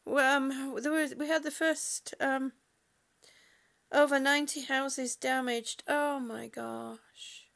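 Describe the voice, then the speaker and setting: Woman, high-pitched, slow casual chat, livestream from home. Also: steady tone, gravelly, fairly bright tone. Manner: chatty, reads comments aloud, laughs often. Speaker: livestreamer reading viewer chat. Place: at home indoors.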